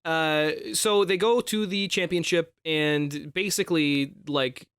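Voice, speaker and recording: A man's voice: on the high side, fairly even intonation, takes it slowly, fairly bright tone, smooth, no room sound, clean studio sound. A man co-hosting a podcast, casually recapping a film with jokes and mock quotes. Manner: laid-back, joking, fond of mock-quoting characters. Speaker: podcast co-host.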